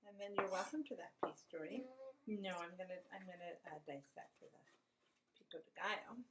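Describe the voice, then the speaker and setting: Loud clatter of dishes and pans fills the kitchen as a woman hosts a home cooking show, casually walking through each step of a recipe and chatting with a child. Her voice is fairly low in pitch and brisk, with background noise.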